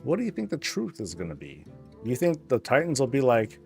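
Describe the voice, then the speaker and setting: A man's voice: medium pitch, very animated, a little fast, creaky, darkish tone, soft background music. A man streaming, chatting casually, rambling and joking, swearing freely. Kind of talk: casual chat.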